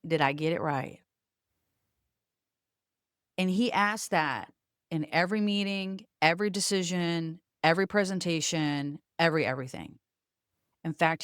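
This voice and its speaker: A woman's voice: fairly low pitch, fairly bright tone, no echo, clean studio sound. A woman with a light coastal Virginia accent, talking as a host in an emphatic, preachy, frank way and swearing casually as she coaches on leadership. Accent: light coastal Virginia Southern. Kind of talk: motivational talk to camera.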